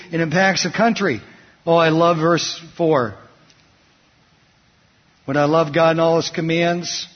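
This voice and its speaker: A man's voice: fairly high pitch, husky. A man preaching a sermon, asking the congregation to fill in words and telling stories from his week. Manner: asks the congregation fill-in questions. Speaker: pastor. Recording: dull sound, long hall reverb.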